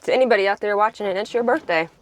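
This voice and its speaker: Racing along in a mid-range voice, a young adult farm vlogger from the United States giggles and banters casually with her sibling while they sit in a vehicle.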